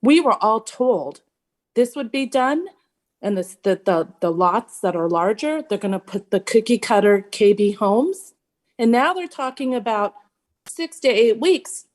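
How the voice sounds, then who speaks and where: A woman's voice: medium pitch, lively intonation, a little slow. A woman giving a frustrated, emphatic public comment at a city meeting, talking bluntly as she calls in remotely.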